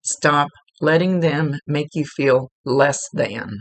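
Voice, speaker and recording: A woman's voice: deep voice, steady tone, slow pace, dry recording. A woman working as a psychic medium, giving a spirit reading in an earnest, chatty way and repeating words for emphasis. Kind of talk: spirit reading, relaying messages.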